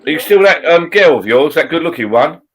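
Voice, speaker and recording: A man's voice: on the high side, animated, fairly quick. A man hosting a casual live stream chat, jokey and greeting viewers by name.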